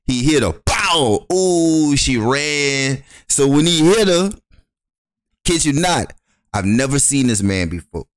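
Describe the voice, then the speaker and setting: Young male podcast co-host, mid pitch, spins a rowdy story full of laughs and put-on voices, close dry mic. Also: sing-song, slow pace, no room sound. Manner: loud, laughing, acts out voices in his stories. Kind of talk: animated storytelling.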